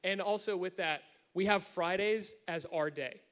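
Earnest high-voiced man preaching. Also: unhurried, a bit bright. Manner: earnest, explains with everyday examples. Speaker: married speaker at church. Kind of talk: sermon-style talk on marriage.

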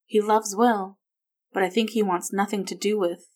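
A woman voicing a tearful young mother who talks in halting, broken phrases. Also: medium pitch, steady tone, a little mellow, close to an everyday voice. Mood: strained. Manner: hesitant, halting.

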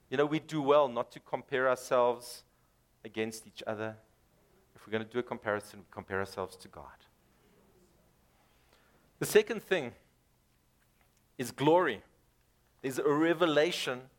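Male preacher, sermon delivery, emphatic with dramatic rises and drops, mid-range voice. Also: medium pitch. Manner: repeats words for emphasis.

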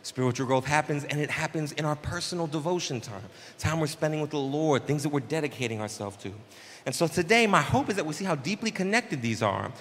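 A man preaching a casual, conversational sermon as pastor, with slangy, animated asides. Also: a little high, fairly quick, in a large hall, slight background noise. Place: church sanctuary.

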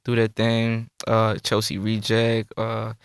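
A man, a rapper guest telling his story in a relaxed, slangy way. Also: lowish voice, takes it slowly, vocal fry, clean tone, no echo, clean studio sound. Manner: relaxed, laid-back recounting with slang. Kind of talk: casual interview chat.

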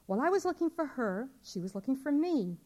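Worried young mother, polite pleading questions, mellow voice, read by a woman. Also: high-pitched, sing-song, fairly quick, pitched above the performer's own voice. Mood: anxious. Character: worried young mother searching for her daughter.

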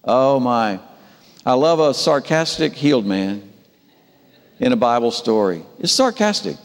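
A man preaching a sermon, telling the story with animated delivery and acting out the characters' voices. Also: mid-range voice, moderate pace, gravelly, big-room sound. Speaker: pastor.

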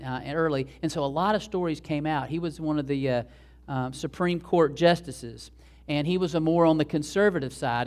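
Man, pastor, sermon, lively delivery, voice on the high side. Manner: animated, acts out quoted dialogue with raised voice.

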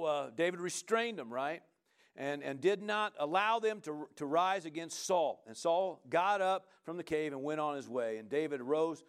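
A man preaching a sermon in a lively, conversational way, often asking the congregation "right?" and urging them on. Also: on the high side, smooth. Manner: animated, conversational preaching with frequent "come on" and "right?". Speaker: pastor.

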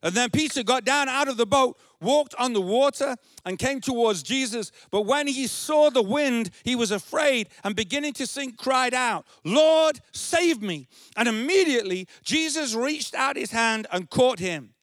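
A male pastor preaching an earnest sermon, repeating phrases and rising to shouted emphasis. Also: very high-pitched, moderate pace, hardly any pauses, no room sound, studio quality.

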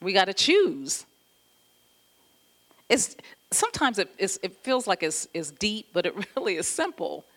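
A woman pastor giving an animated, conversational sermon, often laughing as she talks. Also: medium pitch, measured pace, pauses often.

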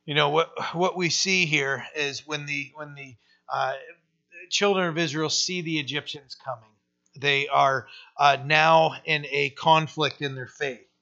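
A man with a fairly high, sharp voice and fairly even intonation talks a little slowly as he delivers a conversational sermon. He often asks his church "right?" and uses rhetorical questions, heard through a dull lo-fi recording.

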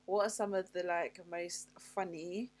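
A woman's voice: fairly low pitch, steady tone, measured pace. A woman hosting a podcast chat, talking loosely with lots of fillers and asides. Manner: conversational, full of fillers and asides. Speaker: podcast host. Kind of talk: casual chat.

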